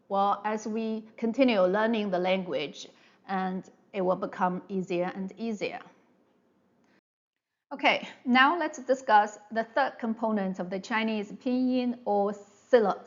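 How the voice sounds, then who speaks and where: A woman with a mid-range voice, on dull-sounding audio, gives a slow online Mandarin pronunciation lesson. She's patient and repetitive, often checking in with "all right?" and drawing out sounds to demonstrate them.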